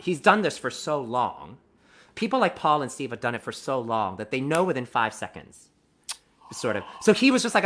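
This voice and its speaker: A man being interviewed as a theater actor, telling animated anecdotes and often restarting his sentences. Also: mid-range voice. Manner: animated, quick-talking anecdotes with many restarts. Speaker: guest, musical theater actor. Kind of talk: conversational interview storytelling.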